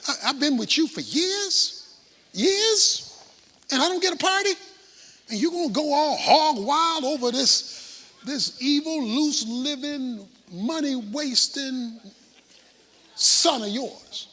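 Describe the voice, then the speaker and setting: A man's voice: very high voice, expressive, takes it slowly, pushed and bright, long reverb tail, full character voice. A man voicing a resentful older brother who complains in an indignant, sing-song mocking way.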